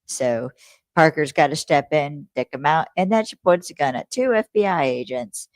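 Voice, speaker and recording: A woman's voice: low voice, moderate pace, no room sound. A young adult woman hosting a podcast, recapping an episode in a rambling, casual way, swearing freely and correcting herself as she goes. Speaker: podcast host.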